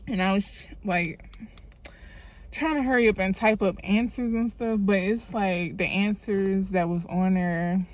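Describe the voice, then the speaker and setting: A young woman, telling a storytime in a loose, chatty, profane way into a phone camera while doing her makeup. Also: mid-range voice. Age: young adult. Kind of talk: casual storytime vlog.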